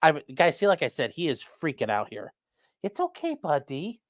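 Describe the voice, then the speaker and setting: A medium-pitched host talks at a quick pace, recorded dry and at studio quality. During an indoor home stream, they read out chat comments, swear freely, and ramble in an animated, profane way while settling their dog in between.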